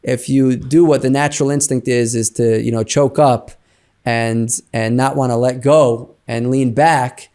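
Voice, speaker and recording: A man in an interview, telling a personal story in a chatty, animated way with many fillers like "you know". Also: medium pitch, a little slow. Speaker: interview guest.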